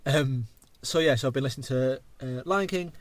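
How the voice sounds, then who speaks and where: A man's voice: mid-range voice, normal speed, no room sound. An English man in his thirties hosting a casual podcast chat, rambling and going off on tangents, swearing freely. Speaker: podcast host.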